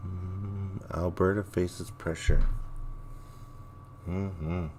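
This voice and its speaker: A man's voice: low-pitched, level tone, very slow, a little mellow, slight background noise. A man hosting a livestream, chatting casually in a rambling, laid-back way and reacting to viewer comments. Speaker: livestream host.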